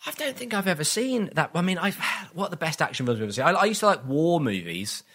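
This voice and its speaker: Bright-voiced self-deprecating man chatting. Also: a little high, very animated, quick pace, breathy edge. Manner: self-deprecating, rambling with restarts, acts out quotes. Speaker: comedian guest. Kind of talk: casual podcast chat.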